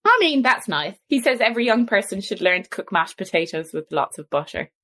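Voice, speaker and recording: A woman's voice: mid-range voice, big pitch swings, fairly quick, a bit bright. A young woman with an Irish accent, co-hosting a casual podcast chat about a cookbook, chatty and laughing often. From Ireland. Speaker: podcast co-host.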